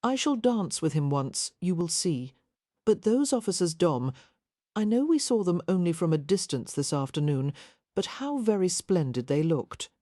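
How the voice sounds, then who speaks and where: A woman's voice: on the low side, sing-song, moderate pace, mellow, dry recording, clean studio sound. A woman reading an audiobook, voicing a bubbly young lady who gushes playfully. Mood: giddy. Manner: gushing, playful.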